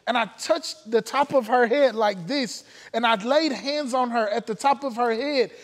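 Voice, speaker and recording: A man's voice: very high-pitched, normal speed, in a large hall. A man preaching a testimony sermon, telling his story earnestly with frequent filler sounds. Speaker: pastor. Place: church sanctuary.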